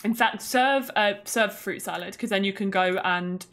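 A woman's voice: medium pitch, normal speed, a bit bright. A woman giving casual, playful gameplay commentary as a streamer, chatty and mock-indignant as she greets her chat. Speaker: gaming streamer.

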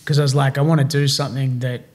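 A man's voice: mid-range voice, quick pace. Aussie guy on a podcast telling stories, casual and slangy, mid voice, does all the quotes. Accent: Australian. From Australia. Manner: animated, slangy, acts out quoted dialogue. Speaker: podcast guest. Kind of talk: casual storytelling.

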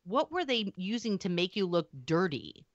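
A woman's voice: medium pitch, sing-song, moderate pace, no room sound, highs cut off. A woman on a movie podcast panel, making wry, puzzled remarks about the film. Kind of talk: casual movie-review banter.

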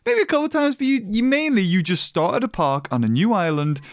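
A young man commentating on his gameplay in a chatty, excitable way. His voice sits a little high and jumps around with lots of lively intonation. He often thinks aloud as he plays. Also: a little fast, no room sound. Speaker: gaming video host.

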